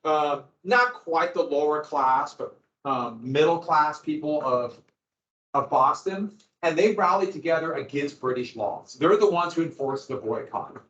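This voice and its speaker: Speaking unhurriedly in a high-leaning, slightly bright voice, a male teacher walks his students through a history lesson. The classroom lecture is loose and chatty, and the audio is echoey, dull and lo-fi.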